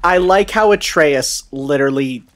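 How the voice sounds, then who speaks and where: A man's voice: a little high, normal speed, a bit bright. A man commenting on a friend's video game playthrough, playful, explaining things and cracking jokes. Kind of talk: casual gameplay commentary.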